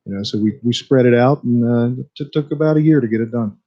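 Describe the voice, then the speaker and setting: A man, a guest musician on a radio show, talking in a relaxed, easygoing way. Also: mid-range voice, fast. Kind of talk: casual radio interview. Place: radio studio. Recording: dull lo-fi radio broadcast.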